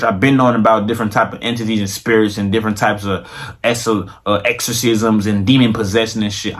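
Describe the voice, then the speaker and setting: A man's voice: medium pitch, fairly bright tone. A young man vlogging straight to camera in casual, slangy, profane talk that rambles and repeats itself. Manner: slows into mock-grand preaching toward the end.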